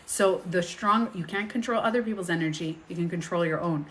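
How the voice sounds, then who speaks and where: A woman speaking as a healing coach in a casual coaching talk to viewers, animated and acting out inner voices, reading and answering viewer questions. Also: fairly low pitch, fairly quick, a little hiss or hum.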